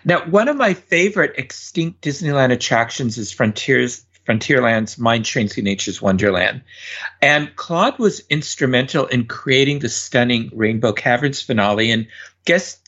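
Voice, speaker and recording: A man's voice: mid-range voice, expressive, moderate pace, a bit bright, husky. A man hosting an interview podcast, reading prepared lead-ins before asking his guests questions. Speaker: podcast host. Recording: dull lo-fi audio.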